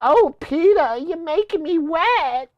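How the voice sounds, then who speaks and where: A man voicing a flirty adult cartoon housewife in a teasing falsetto, recorded with a dull lo-fi sound. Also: animated, takes it slowly, no echo, heavily acted.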